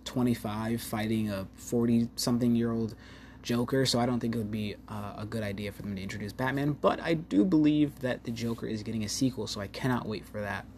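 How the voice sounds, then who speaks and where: A man's voice: medium pitch, a little fast, a little mellow, slight background noise. A man giving a casual, rambling film review, full of fillers and open enthusiasm. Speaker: movie reviewer.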